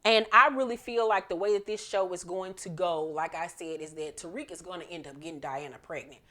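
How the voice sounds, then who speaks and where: A woman's voice: on the low side, brisk, sharp tone. A woman casually recapping a TV episode, chatty and profane, acting out the characters' lines as she goes. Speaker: TV episode reviewer.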